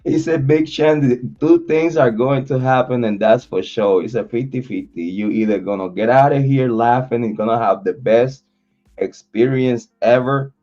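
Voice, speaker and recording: A man hosting a livestream, chatting loosely with his viewers in a slangy, repetitive style and giving shout-outs. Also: medium pitch, normal speed. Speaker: livestream host. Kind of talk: casual livestream chat. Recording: dull lo-fi audio, faint music.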